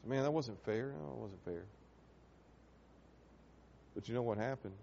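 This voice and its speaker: A preacher delivers his sermon in a folksy, heartfelt way, leaning on "man" and "hey" as he builds to urgent pleas. His voice sits at an ordinary pitch and rings with the long reverb of a church hall. The sound is dull and lo-fi, with a faint rumble underneath. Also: expressive, normal speed, creaky, darkish tone. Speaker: pastor. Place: church sanctuary.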